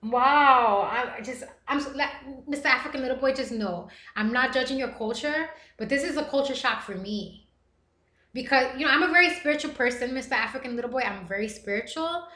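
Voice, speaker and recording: Bright emotional woman hosting a live stream. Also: high voice, echoey room. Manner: emotional, earnest, reads chat messages aloud. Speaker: livestream host reading chat. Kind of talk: casual live-stream talk.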